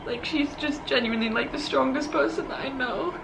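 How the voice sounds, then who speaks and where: A young woman telling a personal story to her camera in a soft, halting, tearful way, full of "like". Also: high voice, background noise. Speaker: vlogger.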